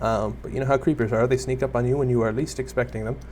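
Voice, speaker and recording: A man's voice: medium pitch, steady tone, quick pace, darkish tone, slight background noise. Rambling self-mocking man narrating gameplay. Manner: rambling, self-deprecating, talks to viewers and mobs. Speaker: gaming YouTuber. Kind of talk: casual Let's Play commentary.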